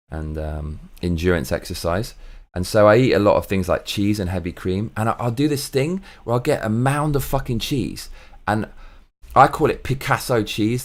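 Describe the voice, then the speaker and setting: Rambling, lower-voiced man vlogging. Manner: rambling, excitable, swears freely. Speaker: vlog host. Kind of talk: casual monologue. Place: home recording in Tokyo.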